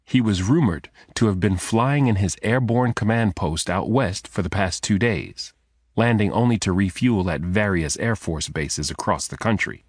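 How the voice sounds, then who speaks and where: A man narrating a thriller audiobook in a measured, steady storytelling manner. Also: on the low side, husky, no room sound, clean studio sound. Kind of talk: scripted narration.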